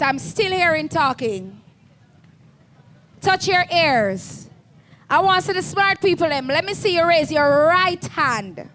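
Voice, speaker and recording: High-pitched woman calling out to children. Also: expressive, takes it slowly, fairly bright tone, a little hiss or hum. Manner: firm, coaxing, call-and-response. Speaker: event host for schoolchildren. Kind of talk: call-and-response crowd management.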